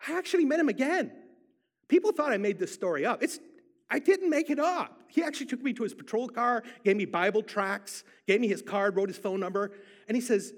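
A man's voice: high voice, expressive, a little fast. A man preaching a sermon, telling a personal story with emphatic repetition. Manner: emphatic storyteller, repeats for effect.

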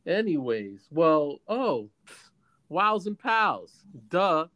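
A man co-hosting a casual chat, animated and joking, exclaiming a lot. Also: on the high side, drawn-out words, muffled recording. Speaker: podcast co-host.

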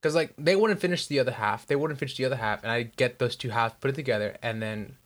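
A young man co-hosting a podcast, telling stories in casual chat, animated and swearing, saying "dude" a lot. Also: medium pitch, quick pace. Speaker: podcast co-host.

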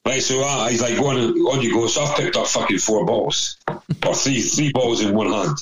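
A man's voice: medium pitch, normal speed, a little hiss or hum, rough recording. A man telling a rambling anecdote over casual chat, swearing constantly. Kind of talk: casual storytelling.

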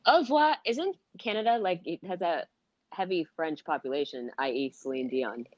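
A woman's voice: low voice, normal speed, no echo, dull audio. A woman co-hosting a podcast, chatting enthusiastically with jokes and exclamations. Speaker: podcast co-host. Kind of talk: casual chat.

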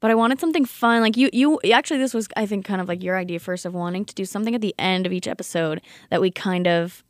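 A woman's voice: medium pitch, fast, hardly any pauses, no room sound, clean studio sound. A young woman co-hosting a casual podcast, chatty and giggly, with lots of "like" fillers. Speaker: podcast co-host. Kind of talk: casual chat.

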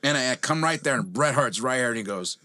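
A man's voice: medium pitch, animated, fast, sharp tone, no room sound, clean studio sound. A man guesting on a podcast, speaking animatedly and often stammering and repeating words. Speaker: podcast guest, wrestling student. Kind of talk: casual interview chat.

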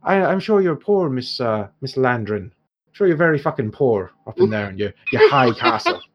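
A man voicing a greedy, theatrical male dwarf shopkeeper in a put-on Irish accent, with wheedling sales patter that leaps in pitch. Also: huge pitch swings, normal speed, highs cut off, heavy background noise. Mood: mock-offended.

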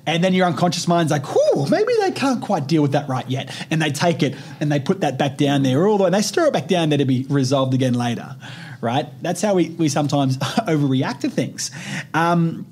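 A man's voice: on the high side, fairly quick, darkish tone, breathy edge. A man in his twenties hosting a podcast, talking casually and animatedly, swearing freely and leaning on "like" and "right?". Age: 20s. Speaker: podcast host. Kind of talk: casual motivational podcast talk.

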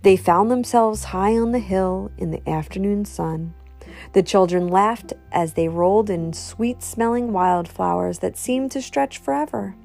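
A woman reading a children's storybook aloud in an expressive, animated way. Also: mid-range voice, unhurried, gravelly, faint music behind.

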